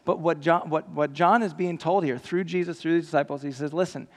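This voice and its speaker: A male pastor preaching a sermon with animated, jokey storytelling and earnest appeals to the listeners. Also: on the high side, brisk. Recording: long hall reverb.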